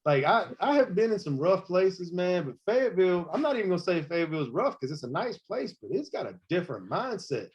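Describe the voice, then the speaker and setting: A man's voice: high-pitched, fast talker, hardly any pauses. A man in his forties, a hip hop artist guest, telling stories casually and acting out quotes. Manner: animated storyteller, acts out quotes. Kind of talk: casual storytelling interview. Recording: muffled lo-fi recording.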